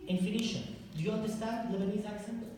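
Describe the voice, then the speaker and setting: A man's voice: high-pitched, fast talker. A man delivers a history lecture to a live audience and keeps asking them direct questions. His voice carries from far off the mic through a big, echoing hall with long reverb, and faint noise sits underneath. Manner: lively and engaging, asks the audience direct questions. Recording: echoey hall recorded from far off.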